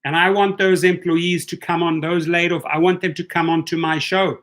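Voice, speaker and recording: A man's voice: a little high, flat delivery, moderate pace, hardly any pauses, fairly bright tone. A man hosting a live stream, reading viewer comments aloud and calling things out in a blunt, indignant way that often repeats itself.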